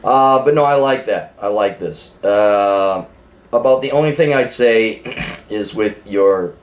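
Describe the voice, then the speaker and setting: A man's voice: on the low side, unhurried. A man hosting a podcast, giving blunt, rambling, profane advice with frequent laughs.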